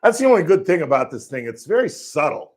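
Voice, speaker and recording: A man hosting a radio talk show, loud with a gravelly voice that sometimes drops low. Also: big pitch swings, fast talker.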